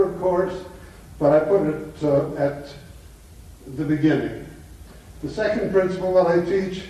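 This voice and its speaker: A man's voice: on the high side, a little mellow. An older man lecturing to a live audience in an emphatic teaching manner, telling anecdotes. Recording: echoey hall, mic far off.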